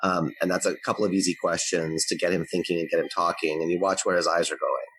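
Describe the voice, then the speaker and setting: A man with a very low voice talks through parenting advice in a relaxed interview. His delivery is earnest and explanatory, and the recording sounds dry and close. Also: fast talker, dry recording, low-quality recording. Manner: earnest, explanatory, varies his pace to demonstrate. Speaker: guest expert on parenting.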